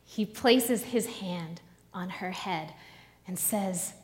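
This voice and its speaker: A woman preacher delivering a sermon, telling a story slowly and dramatically with pauses. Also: fairly low pitch, in a large hall.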